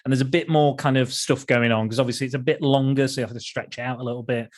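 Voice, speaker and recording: A man's voice: mid-range voice, fairly even intonation, fast talker. A man co-hosting a podcast, chatting casually about old films with frequent restarts and chuckles. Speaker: podcast co-host. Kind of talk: casual film discussion.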